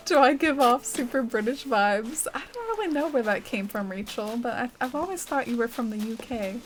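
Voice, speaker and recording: This young adult woman plays a game on stream, rambling chattily, reading chat messages out loud and saying "like" and "uh" a lot. Her pitch is fairly high, and the recording is low quality.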